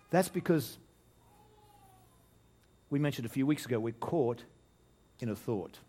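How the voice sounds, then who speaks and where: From the pulpit, an Australian pastor preaches in a mid-range, slightly rough voice that booms out on important words. He unhurriedly jokes, leaves long pauses, and often stops and restarts sentences within a relaxed, lively sermon flow.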